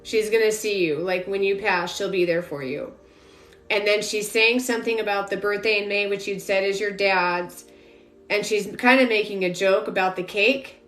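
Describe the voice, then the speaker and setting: A woman's voice: mid-range voice, steady tone, normal speed, fairly bright tone. A young adult woman giving a psychic reading on a live stream, rambling with lots of filler words. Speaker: psychic medium. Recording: roomy echo, faint music behind.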